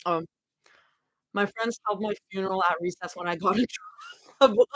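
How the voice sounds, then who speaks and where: A woman's voice: mid-range voice, moderate pace, dry recording, low-quality recording. A young woman streaming a live reading, giggly and chatty, easily sidetracked between passages. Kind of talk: casual live reading and chat.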